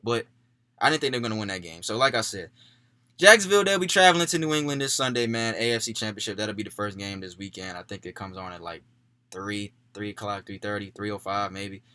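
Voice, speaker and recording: A young man casually talking through his football playoff picks for his channel. He keeps things laid-back, drops "man" into most sentences, and gets louder and more worked up when he backs a pick. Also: lowish voice, fast talker, smooth, dry recording. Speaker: sports YouTuber.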